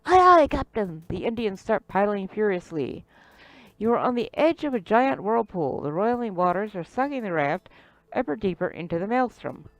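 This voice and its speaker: A woman's voice: medium pitch, expressive, moderate pace, darkish tone, no echo, low-quality recording. A woman reading an adventure game's text aloud and chatting about it casually, now and then stumbling over names. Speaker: let's play host.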